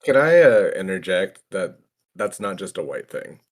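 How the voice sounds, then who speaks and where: A man's voice: deep voice, sing-song, moderate pace. A man in a casual group chat who jokes and hesitates with frequent "uh". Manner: joking, hesitant with uh.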